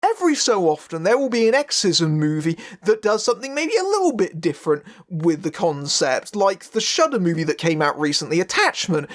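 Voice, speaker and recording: A man's voice: high voice, very animated, brisk, few pauses. A man narrating a scripted film review in a sardonic, wry way.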